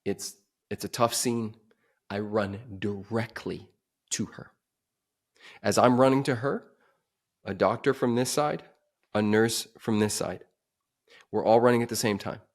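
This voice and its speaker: A man on a podcast telling a dramatic personal story, swinging from emphatic to hushed. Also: fairly low pitch, a little slow, long pauses. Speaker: podcast guest.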